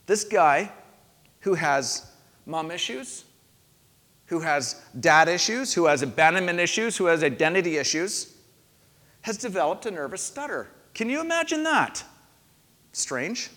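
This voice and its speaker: A man's voice: high voice, sing-song, a little slow, fairly bright tone. A male pastor giving a sermon in a conversational storytelling manner, asking his listeners questions. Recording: long hall reverb.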